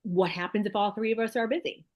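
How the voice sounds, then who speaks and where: A middle-aged real estate broker hosts a casual video call chat, enthusiastic and chatty as she thinks aloud. She talks fast in a steady, medium-pitched, slightly mellow voice, and the audio is dull.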